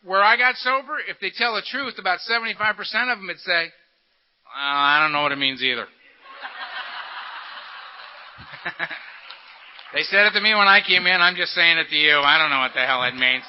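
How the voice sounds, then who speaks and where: A man telling his recovery story to a meeting, animated and full of acted-out quotes and laughter. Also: high-pitched, normal speed, long pauses, lo-fi sound, a little hiss or hum. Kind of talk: storytelling talk to an audience.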